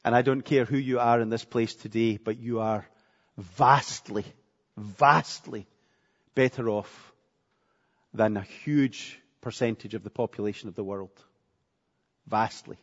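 A man's voice: on the low side, fairly even intonation, moderate pace, darkish tone. A man preaching a sermon with earnestness, repeating phrases for emphasis. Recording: echoey hall, dull lo-fi sound.

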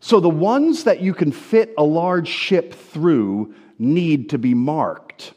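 A middle-aged American man from New Jersey with an American accent, reading scripture and preaching a sermon in an expressive storytelling manner. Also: takes it slowly. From New Jersey, USA. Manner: expressive storytelling delivery, lively swings of pitch.

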